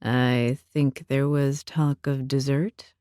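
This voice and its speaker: A woman voicing a gentle young man who speaks softly and teasingly, in an audiobook. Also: no room sound, clean studio sound. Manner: soft, low and slow, teasing. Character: young man, gentle tender vampire-like boyfriend.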